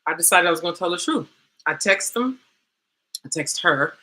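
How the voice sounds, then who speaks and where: A woman coach telling a candid personal story, animated and dramatic, with slangy asides like "girl" and "baby". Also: fairly low pitch, normal speed. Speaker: coach and host.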